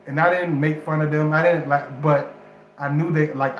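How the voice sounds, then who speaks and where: A man's voice: fairly high pitch, steady tone, normal speed, dull audio, slight background noise. A man giving astrology dating advice in casual vernacular speech, rambling and restarting his sentences as he talks straight to his viewers. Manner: loose, rambling, repeats himself with restarts; African American Vernacular English grammar. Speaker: astrology vlogger. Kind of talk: casual direct-to-camera chat. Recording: echoey room with faint background ambience.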